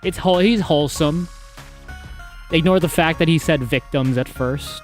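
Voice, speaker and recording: A man's voice: a little high, normal speed, soft background music. A man hosting a casual live stream, rambling and laughing often as he talks. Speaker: streamer and charity host.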